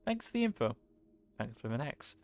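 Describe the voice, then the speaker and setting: A man narrating a role-playing game playthrough, reading text aloud and pausing often with fillers. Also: medium pitch, big pitch swings, darkish tone, faint music behind. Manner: halting, many fillers, reads text aloud. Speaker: let's play host.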